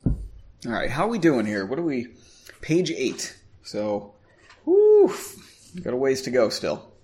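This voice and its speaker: A man's voice: mid-range voice, lively intonation, unhurried, darkish tone. A man casually reading a story aloud, stumbling over words and cracking self-mocking asides. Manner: self-mocking, stumbling, clears throat often. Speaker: amateur reader.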